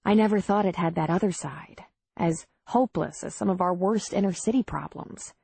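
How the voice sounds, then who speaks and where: A woman's voice: on the low side, moderate pace, vocal fry, dark tone, husky, no room sound. A woman voicing a candid, earnest widowed midwife from the city in an audiobook.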